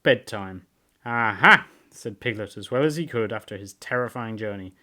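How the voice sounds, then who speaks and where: A man, a book reviewer, narrating a storybook aloud in a lively, expressive way. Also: fairly low pitch, fairly quick.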